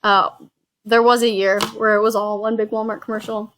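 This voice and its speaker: A woman's voice: medium pitch, little pitch movement, fairly quick, a bit bright. A woman hosting a casual board game play-through, reading cards and counting spaces aloud with chatty asides. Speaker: host.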